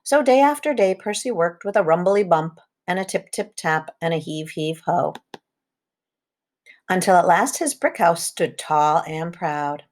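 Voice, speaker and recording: Woman storyteller, storybook read-aloud, lowish voice, lively rhythmic repetitions. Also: unhurried.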